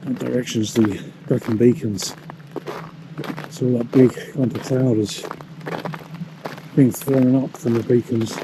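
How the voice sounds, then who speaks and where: A man speaks a little slowly in a mid-range voice with fairly even intonation and long pauses, over a noisy background. It's a casual outdoor vlog: he's wild camping on a snowy hillside, chatty and self-deprecating, a little out of breath from climbing.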